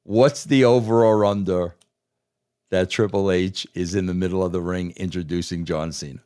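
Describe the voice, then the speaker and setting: A man's voice: deep voice, fairly even intonation, moderate pace, mellow, clear, resonant tone. A man co-hosting a casual wrestling talk show, emphatic and prone to repeating phrases for effect. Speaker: podcast co-host, former wrestling writer.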